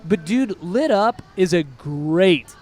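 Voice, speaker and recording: A man co-hosting a casual music podcast, talking in an excitable, rambling way with quick asides. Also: sits high. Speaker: podcast co-host. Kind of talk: casual chat.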